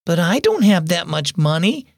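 A man's voice: sits high, sing-song, normal speed, gravelly, dry recording, voice pushed up, exaggerated voice. A man voicing a timid little sister close to tears in a children's radio story. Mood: meek. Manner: meek, trembling. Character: timid tearful little sister, small girl.

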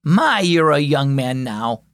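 A man's voice: a little high, big pitch swings, takes it slowly, a bit bright, no echo, studio quality, exaggerated voice. A man voicing an eager, affectionate grandmother who dotes on her grandchildren, in a storybook reading. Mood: doting. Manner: exclaiming, doting.

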